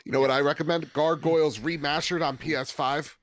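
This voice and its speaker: A man's voice: fairly high pitch, fairly even intonation, brisk, no echo, clean studio sound. A man hosting a casual gaming podcast, running through release lists with jokey, sarcastic asides. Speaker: podcast host. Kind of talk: casual chat.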